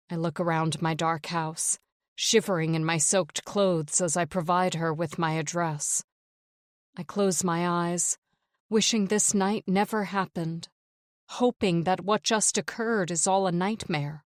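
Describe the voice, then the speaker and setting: A woman narrating a first-person psychological thriller audiobook in a measured, tense read. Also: fairly low pitch, fairly even intonation, dry recording, clean studio sound.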